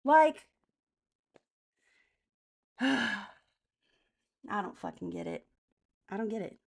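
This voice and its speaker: A woman's voice: medium pitch, lively intonation, extremely slow, vocal fry. A woman hosting a casual political live stream, answering chat comments by name in a blunt, profane way.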